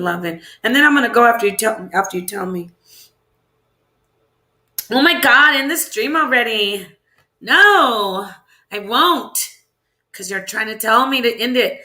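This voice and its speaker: Woman livestreamer, chatty and meandering, bright tone, echoey room. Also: mid-range voice. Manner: chatty and rambling, answers viewers, asks questions aloud. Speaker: livestream host. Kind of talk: casual livestream chat, reading viewer comments. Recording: roomy echo.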